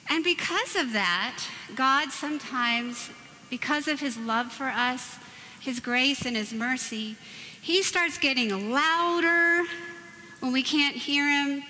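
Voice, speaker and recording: A woman's voice: high voice, bright, forceful tone. A woman in her forties giving a Catholic talk in a church, telling stories and jokes with playful asides to the audience. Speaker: Catholic speaker. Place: church hall. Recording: reverberant church with faint background noise.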